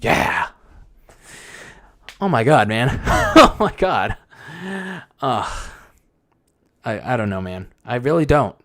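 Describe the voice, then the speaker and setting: A man's voice: mid-range voice, sing-song, slow, long pauses, a bit bright. A young man hosting a wrestling podcast alone, talking casually in a frustrated, rambling way with many restarts and fillers. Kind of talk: casual solo commentary.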